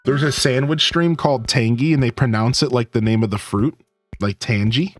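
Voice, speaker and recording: Over soft background music, a medium-pitched man talks fairly quickly while streaming a game. His gaming chat is casual and lively, full of jokes aimed at his viewers.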